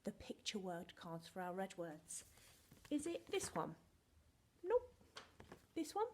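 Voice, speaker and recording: With a darkish, medium-pitched voice, this woman is very animated yet speaks at a slow pace. As a primary school teacher recording a phonics lesson for young children, she sounds out words letter by letter, playful and sing-song, pretending to rely on their help.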